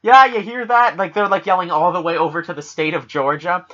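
A man's voice: high voice, fairly even intonation, fairly quick, fairly bright tone, muffled recording. A Canadian man co-hosting a podcast, rambling and swearing through jokey casual talk. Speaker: podcast co-host.

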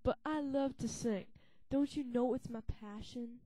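Fan-dub: woman as a gushing skeleton who loves to sing, high-pitched. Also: measured pace, warm tone, close to an everyday voice. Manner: gushing, wistful. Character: dreamy male skeleton who loves singing. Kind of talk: fan comedy dub of a game.

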